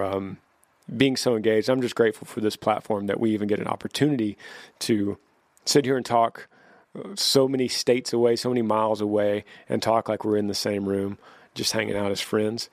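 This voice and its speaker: In a heartfelt advice segment, a man hosting a podcast answers a listener, repeatedly starting over and echoing his own words. His pitch is fairly low, and the recording has no echo.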